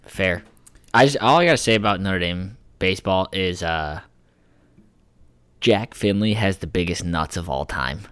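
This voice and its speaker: A man's voice: low voice, unhurried, a bit bright, clean tone, no echo. A man co-hosting a podcast, joking around in crude, casual banter. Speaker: podcast co-host. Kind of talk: casual chat.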